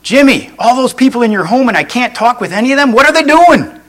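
A man's voice: big pitch swings, normal speed, a bit bright, exaggerated voice. A man playing a male telemarketer on the phone who grows more alarmed with every question. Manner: increasingly alarmed, high-pitched questioning. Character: frantic adult male telemarketer.

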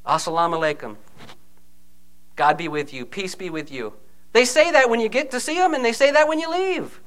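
Male preacher, high and bright, lively conversational sermon delivery. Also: normal speed. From United States. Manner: animated, conversational preaching with frequent "okay?" asides.

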